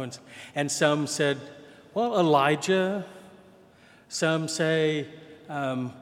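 A male pastor delivers a sermon at an unhurried pace, his voice pitched a little high. He tells the gospel story conversationally and acts out the quoted voices. Long reverb from a church hall trails behind his words. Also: fairly even intonation.

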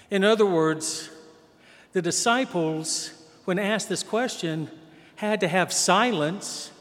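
A man's voice: sits high, slow pace, a bit bright. A man preaching a sermon as pastor, telling the gospel story conversationally and acting out the quoted voices. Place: church. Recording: long hall reverb.

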